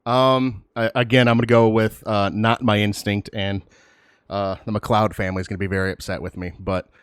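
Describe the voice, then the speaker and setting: A man's voice: on the low side, flat delivery, moderate pace, clear, resonant tone, no room sound, clean studio sound. A man co-hosting a casual podcast, rambling in a laid-back, self-deprecating way. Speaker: podcast co-host. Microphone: voice chat mic.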